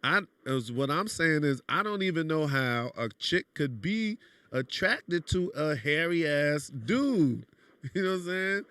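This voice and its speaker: A man's voice: fairly high pitch, animated, measured pace, fairly bright tone, smooth, no echo. A man from New York with a New York accent, speaking bluntly in casual podcast chat. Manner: blunt, streetwise, repeats "you know what I'm saying". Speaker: podcast guest.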